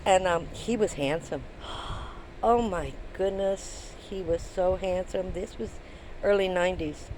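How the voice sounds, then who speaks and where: A woman's voice: on the low side, unhurried, darkish tone, slight background noise, rough recording. An older woman vlogging from her van, telling a story in a chatty, rambling way with many ums and restarts. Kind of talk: casual storytelling to camera.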